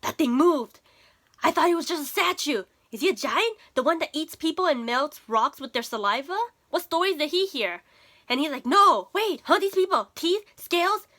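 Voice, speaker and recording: A woman's voice: high-pitched, expressive, normal speed, pushed and bright, pitched above the performer's own voice. A woman voicing an arrogant young male king who sneers and recoils. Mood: squeamish.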